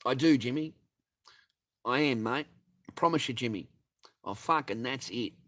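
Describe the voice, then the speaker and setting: A man's voice: mid-range voice, moderate pace, a bit bright. A man with a daughter, ranting to his livestream audience in a profane, heated and mocking way. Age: adult with a child.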